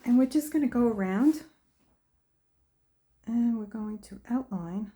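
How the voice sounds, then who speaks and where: A woman demonstrates painting at an unhurried pace, her voice slightly high and soft in tone. She chats to the viewer and mutters to herself as she works. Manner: slow, chatty, talks to herself while working. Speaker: art tutorial host.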